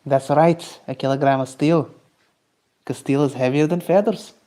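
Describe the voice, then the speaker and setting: A man's voice: a little high, fairly even intonation, moderate pace, warm tone, natural voice. A man putting on a stubborn Scottish voice. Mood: insistent. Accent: Scottish, put on. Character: gruff Scottish man insisting on a silly point.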